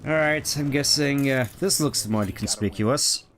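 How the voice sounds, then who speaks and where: A man's voice: mid-range voice, measured pace, a bit bright. Rambling male game streamer. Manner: rambling, reads item names aloud, hums along. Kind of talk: casual gameplay commentary.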